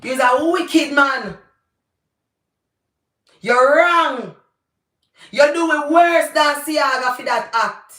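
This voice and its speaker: A woman's voice: sits high, a bit bright, reverberant. A Jamaican woman hosting her channel, giving passionate, emphatic live commentary and slipping into patois. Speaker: channel host.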